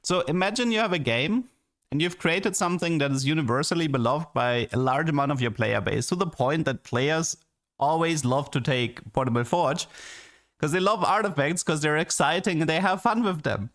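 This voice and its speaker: A man's voice: a little high, moderate pace, fairly bright tone. A man streaming games and ranting in a casual, exasperated way, full of restarts and "like". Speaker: game streamer. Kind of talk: casual livestream commentary.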